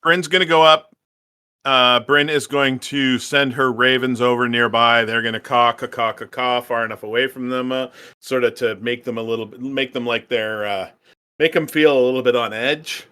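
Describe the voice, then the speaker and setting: A man's voice: medium pitch, steady tone, normal speed, pushed and bright, clear, resonant tone. A man playing a tabletop game, brash and joking as he describes his character's moves. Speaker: player.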